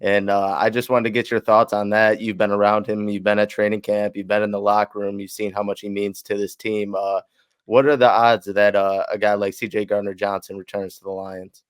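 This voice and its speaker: A man co-hosting a sports podcast, asking a guest a question in a halting way with fillers. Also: lowish voice, little pitch movement, clear, resonant tone, no echo. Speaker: podcast co-host.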